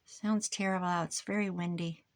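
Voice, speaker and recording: A woman's voice: lowish voice, fairly even intonation, moderate pace. An older woman, a grandmother, chatting casually and rambling as she works on a craft project. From United States. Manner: rambling, chatty, talks while working. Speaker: craft vlogger. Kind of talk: casual chat while crafting.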